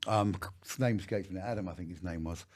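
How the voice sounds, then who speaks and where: Man, 50s, husky, lowish voice, casual interview guest, anecdotal, swears freely. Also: fast. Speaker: actor and director, podcast guest.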